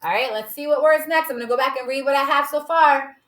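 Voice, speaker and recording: A woman teacher slowly modeling a writing lesson for young children, sounding out letters with cheerful emphasis. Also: high voice, fairly bright tone, slight background noise. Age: adult. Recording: echoey room.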